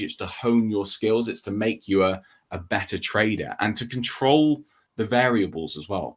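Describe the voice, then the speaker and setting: A man co-hosting a trading livestream, explaining in a steady casual way and checking in with "okay?" and "right?". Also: lowish voice.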